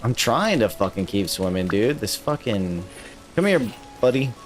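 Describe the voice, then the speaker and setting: A man's voice: lowish voice, sing-song, normal speed, faint music behind. A man streaming a video game live, chatting casually with viewers, swearing often and grumbling in frustration. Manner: profane, frustrated, talks to chat. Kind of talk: casual live gameplay commentary.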